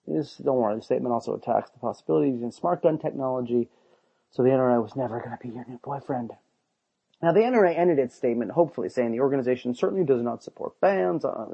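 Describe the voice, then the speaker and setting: A man's voice: mid-range voice, quick pace, gravelly, husky, highs cut off. A man hosting satirical commentary, sarcastic in tone, breaking into mocking voices when he reads quotes. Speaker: podcast host.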